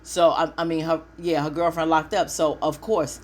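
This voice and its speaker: A woman's voice: deep voice, flat delivery, moderate pace, slight background noise. Chatty woman recapping a TV show. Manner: chatty, opinionated, talks straight to viewers. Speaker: TV recap host.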